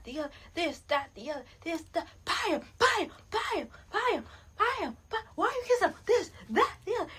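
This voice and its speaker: A young woman recording a casual vlog, talking in an animated, blunt and repetitive way into a phone. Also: high-pitched, rough recording. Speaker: vlogger.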